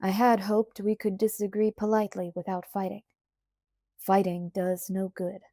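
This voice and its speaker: A woman reading the part of a stern, steady father and shopkeeper in a firm, measured way. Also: medium pitch, no echo, clean studio sound, natural voice. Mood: sad.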